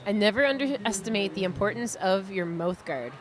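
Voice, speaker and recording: A woman's voice: medium pitch, animated, a little fast, background noise. A woman from Canada with a Maritime accent doing live roller derby commentary, chatty and self-deprecating. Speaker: roller derby announcer and skater. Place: indoor arena.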